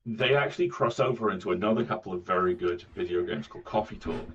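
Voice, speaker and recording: A man who is a voice actor, telling stories in a casual interview with enthusiastic, halting restarts. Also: on the low side, a bit bright, distant mic, lo-fi sound, slight background noise. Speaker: voice actor guest.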